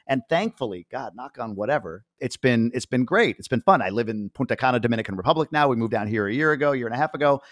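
A man in his forties hosting a podcast interview, chatty and animated, acting out quoted voices. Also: mid-range voice, fast talker, hardly any pauses, no room sound, studio quality. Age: 40s. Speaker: podcast host. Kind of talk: casual interview chat.

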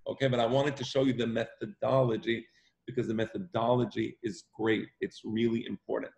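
Repeating points and punctuating them with "right?", this man leads an online Talmud class with emphasis. His delivery is flat and fairly quick, at a medium pitch with vocal fry and a darkish tone.

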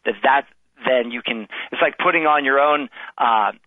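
Casting note: male guest calling in, earnest and self-deprecating, rambling, mid-pitched, tinny phone line. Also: normal speed. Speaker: guest author. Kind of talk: casual interview chat. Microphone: telephone.

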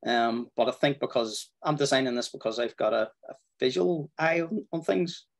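A man walking viewers through building a website, talking in a relaxed way with fillers, over a video call. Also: mid-range voice, moderate pace. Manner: relaxed, thinking aloud with fillers. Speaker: web design instructor. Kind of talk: screen-share tutorial walkthrough.

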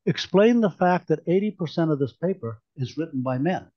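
A man voicing an indignant, sharp-tongued woman activist who fires off sarcastic, pointed questions. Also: a little high, lively intonation, moderate pace, no room sound, highs cut off, voice pushed up.

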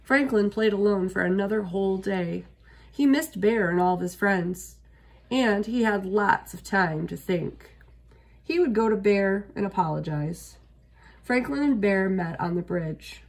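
A woman reading a children's picture book aloud as a storyteller, steady and expressive. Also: mid-range voice, a little slow, gravelly.

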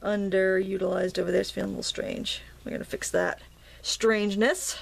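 Middle-aged woman, Maine accent, slightly gravelly, chatty art teacher, casual and playful. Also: medium pitch, little pitch movement, fairly quick. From Maine, USA. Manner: chatty, self-talking while painting, playful asides. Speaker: watercolor instructor. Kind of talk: casual painting tutorial.

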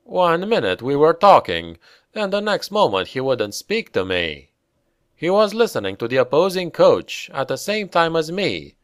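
A man reading the part of a dead father who returns, speaking slowly and gently like a patient old dad. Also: a little high, big pitch swings, no echo, clean studio sound, voice pushed up. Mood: calm. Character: calm, ghostly older father smoking a pipe.

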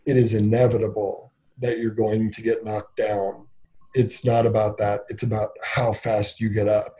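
A company founder in his thirties, with a lowish, darkish voice, tells a personal story as an interview guest. He's candid and full of filler words, often acting out what people said, and the recording quality is low.

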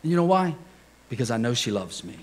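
Lively, jokey pastor preaching. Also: male voice, medium pitch, fast. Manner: jokey, chuckles often, asks the congregation questions. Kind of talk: conversational sermon with personal stories. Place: church service before a congregation.

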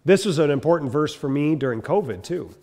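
Brisk and a little high, with lively intonation and a darkish tone, this teacher brings his lecture to life through stories, imitating the characters he quotes. A long hall reverb surrounds him.

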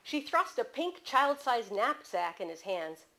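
A woman's voice: fairly high pitch, a little slow, rough recording. Woman author reading her novel aloud. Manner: steady storytelling narration. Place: bookstore.

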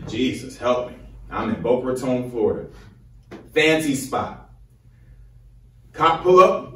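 A man's voice: medium pitch, animated, a little slow, long pauses, fairly bright tone. Fired-up young man in an echoey hall. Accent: Chicago. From Chicago, USA. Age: 20s. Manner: fired-up, preacher-like call and response. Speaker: medical student speaking to high schoolers. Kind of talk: motivational speech. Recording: roomy echo, from far off.

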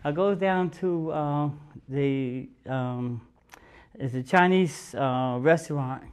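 Guy telling a story on a studio talk show, kinda high voice, does all the voices and laughs a lot. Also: slow, smooth. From United States. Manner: animated, acts out quotes, laughs often. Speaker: guest musician. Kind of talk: casual storytelling.

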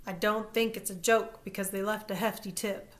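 A woman's voice: mid-range voice, fairly even intonation, moderate pace, close to an everyday voice. A woman reading aloud, voicing a cheerful, fussy older grandmother. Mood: chatty. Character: warm chatty older grandmother.

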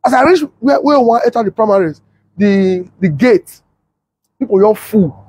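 A young man with a Nigerian Pidgin accent telling a comic story, animated and laughing often. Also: high voice, normal speed, breathy edge. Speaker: comedian storyteller.

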